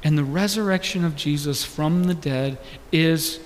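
A man's voice: fairly high pitch, measured pace, a little hiss or hum. A young man preaching a sermon, earnestly asking the congregation question after question. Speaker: pastor. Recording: long hall reverb.

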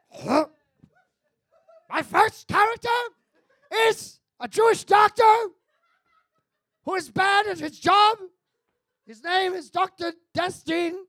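A man's voice: very high voice, a bit bright, no room sound, studio quality. Frantic, over-apologetic man on stage. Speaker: comedian auditioning on stage. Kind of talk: comedy sketch performance.

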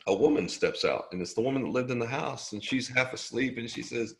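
A man's voice: mid-range voice, brisk, vocal fry, few pauses, fairly bright tone, roomy sound. A middle-aged man from Alabama, an interview guest telling a story in a casual, jokey way and laughing often.

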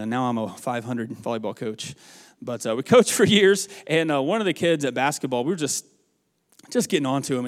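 A man preaching a sermon in a folksy storytelling manner, rising to loud emphatic bursts. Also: medium pitch, in a large hall. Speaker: pastor.

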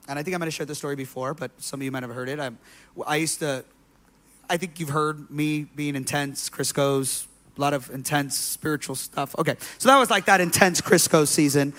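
A man's voice: fairly high pitch, a bit bright. A man pastor preaching a sermon, telling stories in a loose, conversational way with many fillers.

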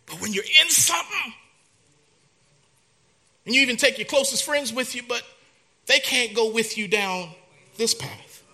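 A male pastor preaching a sermon, dramatic, dropping to a hush and then rising loud, in a church. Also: high voice.

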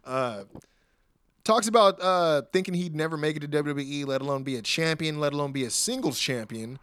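A man hosting a podcast, recapping wrestling in casual, animated chat, laughing often and acting out quotes. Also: on the high side, fairly quick, clear, resonant tone, no echo.

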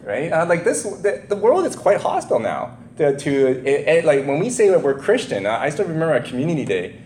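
Man, pastor, casual rambling sermon, fillers and restarts, higher voice, echoey room. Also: fairly quick, a little hiss or hum. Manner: animated, laughs at himself. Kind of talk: informal conversational sermon.

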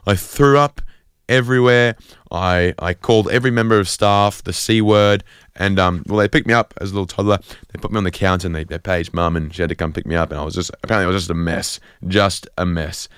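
A man's voice: deep voice, fairly even intonation, fast talker, fairly bright tone, clear, resonant tone, no echo, clean studio sound. Rambling Australian man on late-night radio. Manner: rambling, self-deprecating, full of fillers and restarts. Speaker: radio host. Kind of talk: comedic rambling monologue. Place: community radio studio.

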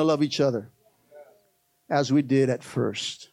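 A man preaching a sermon to his church in a call-and-response style, building to loud, emphatic peaks. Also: medium pitch, takes it slowly, long pauses, no room sound. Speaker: pastor.

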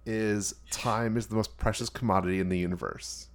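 A man's voice: fairly low pitch, steady tone, fairly quick. A man in casual movie review chat, rambling and hedging with filler words.

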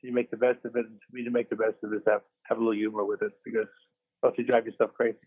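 Recovering from surgery in a hospital room, this podcast co-host chats about sports in a low-ish, husky, flat voice at a very fast clip. The tinny phone line carries no room sound, and his talk is rambling and self-deprecating, full of false starts.

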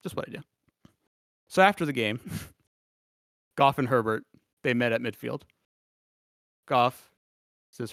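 A man's voice: medium pitch, slow, gravelly, long pauses, no echo. Laid-back man in dry sports chat. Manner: animated storytelling, laughs often. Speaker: podcast co-host.

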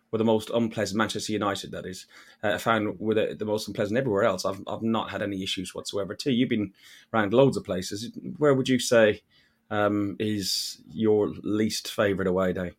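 A man's voice: fairly low pitch, normal speed. A man from Ireland hosting a casual fan podcast, telling stories in a chatty way with frequent restarts. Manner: chatty storyteller, stumbles and restarts. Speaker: podcast host. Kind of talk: casual chat.

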